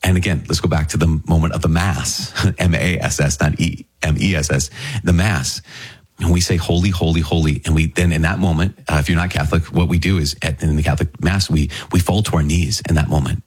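A man's voice: a bass voice, steady tone, fairly quick, husky. A man teaching scripture in a conversational way. He is earnest and enthusiastic and speaks straight to his listeners. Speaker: Catholic Bible teacher.

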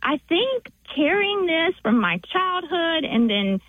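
A woman's voice: extremely high pitch, very animated, dry recording. Earnest Southern woman on a phone line. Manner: earnest, effusive, halting. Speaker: radio caller. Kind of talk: phone call to a radio show.

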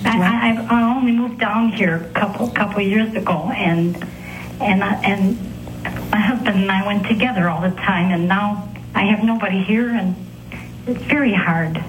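An emotional woman calls in by telephone and halts and stammers as she tries to get her words out. Her voice is mid-pitched, and her phrases keep breaking off and starting again. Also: noisy background. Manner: halting, stammering with many restarts. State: emotional, struggling to speak. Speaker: caller.

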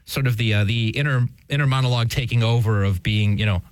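A man's voice: medium pitch, quick pace, no echo, poor audio. Chuckling male co-host, casual news commentary, dry close recording, lots of fillers. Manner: chuckling often, many fillers and restarts. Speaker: podcast co-host.

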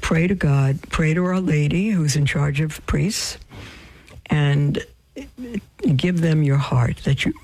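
A woman, a nun, reads viewer letters aloud and answers them with gentle, deliberate spiritual advice, pausing often. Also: low voice, fairly even intonation, poor audio. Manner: gentle, deliberate, with many pauses and fillers.

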